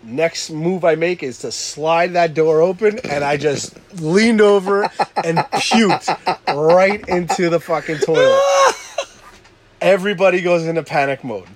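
A man casually telling a rowdy story with lots of swearing, shouting out the lines he quotes. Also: fairly high pitch, a little slow, slight background noise. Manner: animated, swearing, loud acted-out quotes. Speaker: podcast co-host telling a story.

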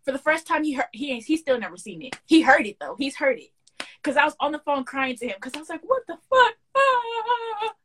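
A young woman with a slightly raised pitch tells a story on a casual podcast. She is animated and slangy and acts out every quoted line. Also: quick pace, a little hiss or hum. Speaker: podcast co-host.

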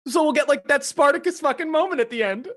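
A man co-hosting a TV recap podcast, recapping scenes in casual, excited chat with swearing and laughs. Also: very high voice, fast. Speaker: podcast co-host.

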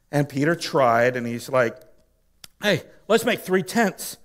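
A male pastor preaches in a high, carrying voice, taking his time over every phrase. He swings from loud, emphatic exhortation down to hushed, soft appeals. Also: sing-song, slow. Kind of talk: sermon.

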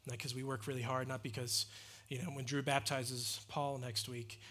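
Bright-voiced man preaching with emphasis. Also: mid-range voice, little pitch movement, moderate pace. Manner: earnest, emphatic preaching with rhetorical questions. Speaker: pastor. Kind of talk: sermon.

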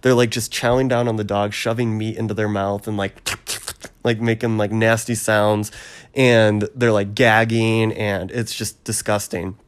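A man in casual chat, retelling a film's plot in a rambling way with many ums and quick acted quotes. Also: fairly low pitch, little pitch movement, smooth. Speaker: podcast co-host recapping a film.

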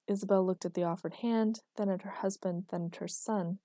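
A woman reads a novel aloud in a measured, even way. Her voice is warm and mellow, and the recording is close and dry with no room sound. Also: medium pitch, no room sound. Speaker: audiobook narrator. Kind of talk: scripted narration.

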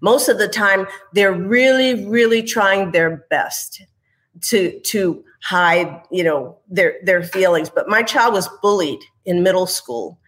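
A woman's voice: medium pitch, takes it slowly, a bit bright, low-quality recording. A woman speaking as a mother, sharing her experience in an earnest, reflective, candid way during a panel conversation.

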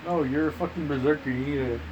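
A man's voice: on the high side, fast talker, highs cut off, music in the background. A man casually telling long, profane anecdotes to friends, full of slang and acted-out quotes. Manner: profane, rambling anecdotes with slang like bro and dude; acts out quoted lines with voice changes. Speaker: storyteller among friends. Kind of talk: casual chat.

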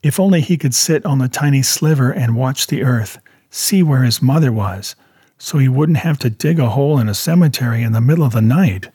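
A man narrating a story in a steady audiobook style. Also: medium pitch, a little fast, husky, no echo, studio quality. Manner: steady storytelling, voicing characters.

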